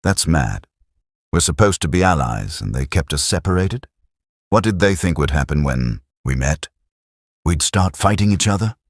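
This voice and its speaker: A cheeky young private full of dry teasing jokes, put on by a man narrating a war story. His voice lifts above the narrator's low register and moves lively. The audio is close and dry. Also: normal speed, slightly rough, dry recording, exaggerated voice. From Sheffield, England.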